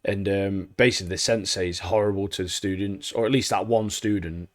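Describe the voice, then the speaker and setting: A man co-hosting a podcast, chatting casually and excitably, laughing often and using lots of slang. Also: low-pitched, a little fast, dry recording, clean studio sound. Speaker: podcast co-host. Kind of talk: casual chat.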